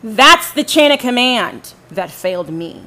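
Woman host, fairly high voice, furious and foul-mouthed, talks right at her audience. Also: very animated, unhurried, sharp tone. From Southern United States. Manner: profane, confrontational, addresses listeners directly. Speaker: podcast host telling her own story. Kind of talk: angry personal monologue.

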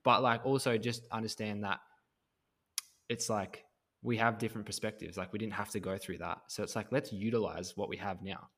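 Low-voiced man musing on a podcast. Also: steady tone, normal speed, fairly bright tone. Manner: reflective, rambling, casual swearing. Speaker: podcast host, coach. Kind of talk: casual podcast conversation.

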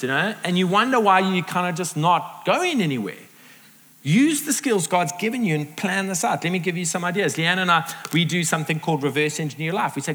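A middle-aged man preaching a sermon to a live audience, lively and acting out the voices he quotes. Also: high voice, fairly quick. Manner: animated, acts out quoted voices. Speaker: pastor. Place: large hall with audience. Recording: reverberant hall.

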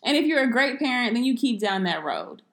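A woman's voice: on the high side, big pitch swings, a little fast, a bit bright. A young woman co-hosting a casual podcast, blunt and profane, ranting playfully. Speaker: podcast co-host.

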